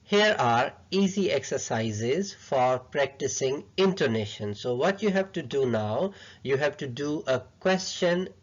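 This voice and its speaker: A man's voice: mid-range voice, animated, unhurried. A man who is not a native English speaker teaching a pronunciation lesson, coaching patiently and repeating his points. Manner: patient, repetitive coaching, non-native phrasing. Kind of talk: instructional lesson. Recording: dull lo-fi sound.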